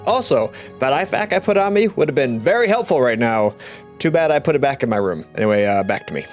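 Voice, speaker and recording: A young man telling a story from his time as a Marine, in a rambling, profane style. He laughs now and then through grim moments. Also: medium pitch. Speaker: veteran storyteller, channel host. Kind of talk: casual storytelling vlog.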